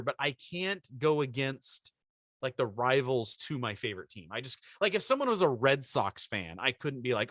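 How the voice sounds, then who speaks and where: A man co-hosting a podcast in casual chat, telling a story with lively acted-out quotes. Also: medium pitch, brisk, dry recording, clean studio sound. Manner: animated storyteller, acts out quoted voices. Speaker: podcast co-host.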